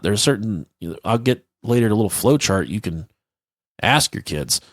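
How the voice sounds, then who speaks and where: A man's voice: mid-range voice, expressive, normal speed, a bit bright, dry recording, studio quality. A man in his thirties co-hosting a podcast, telling stories in a casual, rambling, profane way. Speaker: podcast co-host.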